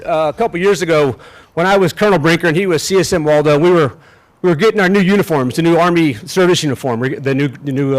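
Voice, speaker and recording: A middle-aged man, a general, gives a ceremonial outdoor speech in a folksy, self-deprecating way, halting and restarting as he talks. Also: a little high. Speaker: general officer speaking at a ceremony. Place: outdoors on a field.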